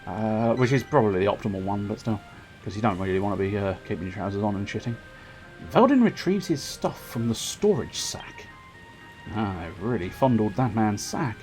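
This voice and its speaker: A male gaming streamer chatting in a jokey, rambling way and laughing often. His pitch moves in a lively way, and soft game music plays faintly underneath. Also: moderate pace. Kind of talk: gaming livestream commentary.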